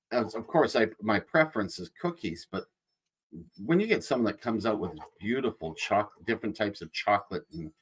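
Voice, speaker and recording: A man playing a husky, lively Santa Claus. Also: fairly low pitch. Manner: rambling, chatty, folksy asides. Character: jolly old Santa Claus chatting to children. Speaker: Santa performer greeting children. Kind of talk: casual in-character chat.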